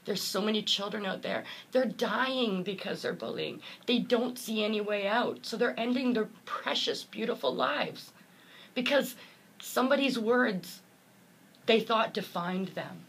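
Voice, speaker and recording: A woman's voice: medium pitch, measured pace, a bit bright, slightly rough. A woman motivational speaker, earnest and heartfelt, telling a personal story in an interview and acting out the voices of the people in it.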